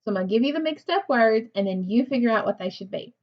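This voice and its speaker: A woman teaching a recorded reading lesson to young children, speaking slowly and patiently, praising and asking questions of pupils who aren't there. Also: on the high side, expressive, highs cut off. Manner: slow, patient, encouraging, asks questions to unseen pupils.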